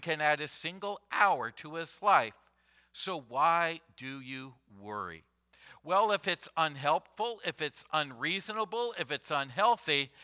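A man preaching a Sunday sermon as pastor, deliberate and emphatic, repeating key phrases for weight. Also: on the high side, sharp tone.

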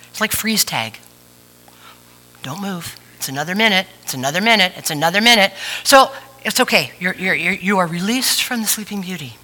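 A woman's voice: medium pitch, bright, forceful tone, low-quality recording. A woman preacher giving a chatty, playful sermon with asides to the congregation. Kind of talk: conversational sermon.

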